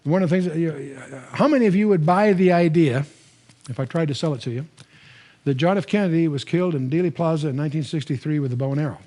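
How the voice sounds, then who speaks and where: Older male Bible teacher, high-pitched, animated storyteller, talks to the room with restarts. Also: quick pace. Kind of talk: Bible teaching lecture to a live audience.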